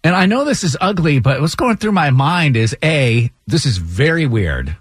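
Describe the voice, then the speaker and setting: Radio show host, male, lively storyteller. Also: a little high, normal speed, slightly rough, dry recording, clean studio sound. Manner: animated storyteller, acts out quoted voices. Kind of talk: casual radio banter and storytelling. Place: radio studio.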